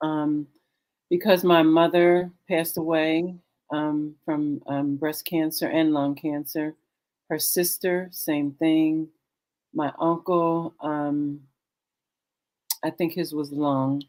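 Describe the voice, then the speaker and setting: A woman's voice: sits low, little pitch movement, slow pace, a little mellow. A middle-aged woman speaking as a guest on a talk show, earnest and candid, with lots of "you know" fillers. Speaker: guest, cancer survivor.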